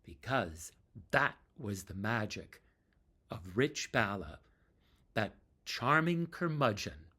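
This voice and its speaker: A man telling a tribute story about a fellow performer, with slow pauses. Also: on the low side, a bit bright, breathy edge.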